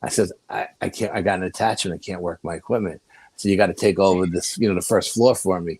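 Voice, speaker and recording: New York man, guest storyteller, lowish voice, dry close sound, rambling and animated. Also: fast, husky, no room sound. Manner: rambling, animated anecdotes with restarts. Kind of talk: casual storytelling.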